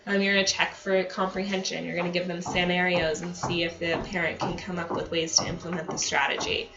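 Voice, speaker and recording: A woman training therapists in a relaxed, conversational way, full of fillers and acted-out examples. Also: lowish voice, fairly quick, background noise. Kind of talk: staff training talk. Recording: dull lo-fi audio.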